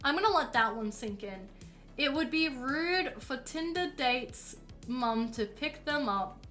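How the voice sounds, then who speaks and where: A woman's voice: high-pitched, lively intonation, a little slow, fairly bright tone, soft background music. A woman streamer telling a story casually, rambling along with plenty of fillers while she paints at home.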